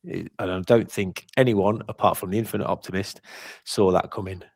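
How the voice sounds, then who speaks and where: A man with a low, gravelly voice chats about football on a podcast in an easygoing way. He often agrees with the others. The recording is dry and close. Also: fairly even intonation, brisk, no room sound. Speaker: podcast co-host. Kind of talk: casual football podcast chat.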